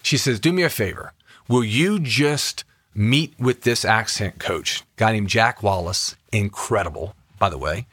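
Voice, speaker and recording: A man's voice: fairly low pitch, a little slow, no echo, clean studio sound. Upbeat man telling a story in conversation. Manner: enthusiastic, animated storyteller. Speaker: podcast co-host and actor. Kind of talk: casual chat with storytelling.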